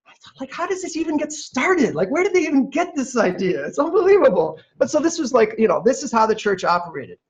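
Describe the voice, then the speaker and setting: A man guest on a podcast, telling animated stories in a chatty way, full of fillers and restarts. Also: extremely high pitch, quick pace. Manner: lively, acts out quoted voices. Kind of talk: animated storytelling. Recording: dull lo-fi audio.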